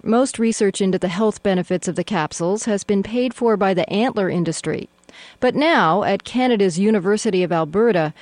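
A woman reporter reading a scripted news report in a measured, even way. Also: medium pitch, no echo.

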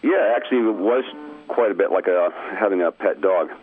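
A man's voice: low-pitched, moderate pace, soft background music. A middle-aged man from Maine, a radio guest telling a family story over the phone in an easygoing, chuckling way. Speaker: interview guest. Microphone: telephone. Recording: tinny dry phone line.

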